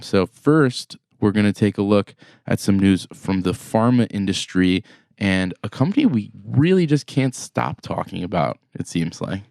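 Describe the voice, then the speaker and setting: A man's voice: sits low, gravelly, a little mellow, smooth, dry recording, clean studio sound. A man co-hosting a business news podcast, chatting casually with fillers and restarts. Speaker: podcast co-host. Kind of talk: casual news recap chat.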